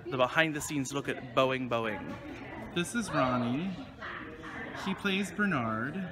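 A man's voice: mid-range voice, animated, takes it slowly. A man with a slight West Virginia accent hosting a casual backstage chat, joking and teasing the cast. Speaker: host. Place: theater set, indoors. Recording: noisy room sound.

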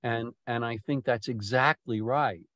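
Slow, halting man leading a poetry talk. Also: mid-range voice, a bit bright, no room sound. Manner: slow, restarting often, lingering over words. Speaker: poetry discussion leader. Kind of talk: thoughtful discussion, halting.

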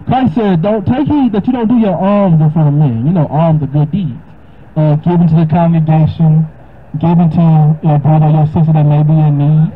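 A man answering a question with informal Bible teaching, talking casually and reading the verses aloud more slowly. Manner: casual, conversational, reads verses slower and higher. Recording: dull lo-fi recording with faint noise.

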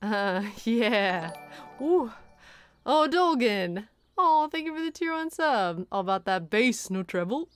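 A woman's voice: mid-range voice, sing-song, a little slow, clear, resonant tone, no echo, clean studio sound, soft background music. A woman streaming from her room, chatting casually, laughing often and thanking viewers, her voice tired at the end of the day. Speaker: streamer and voice actor. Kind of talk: casual livestream chat.

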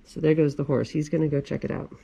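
A woman's voice: deep voice, flat delivery, fast, vocal fry, dark tone, a little hiss or hum. A woman in her forties, a children's librarian, reading a picture book aloud in a library with chatty asides to kids. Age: 40s.

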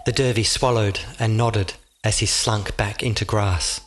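A man giving scripted audiobook narration in a measured, vivid storytelling manner. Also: on the low side, steady tone, a bit bright, a little hiss or hum.

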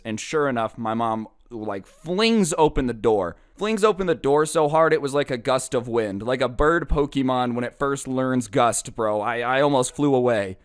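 A man's voice: mid-range voice, normal speed, few pauses, clean tone. A young adult man telling a personal story in a casual, slangy way, acting out the other people in it. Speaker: vlogger.

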